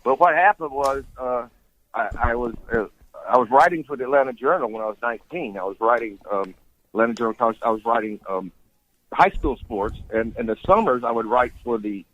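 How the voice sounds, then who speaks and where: A man with a Southern accent, a broadcaster speaking as a guest on a radio show, pausing often and restarting his sentences. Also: mid-range voice, narrow, tinny audio. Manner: measured, with frequent restarts and fillers. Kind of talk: radio interview.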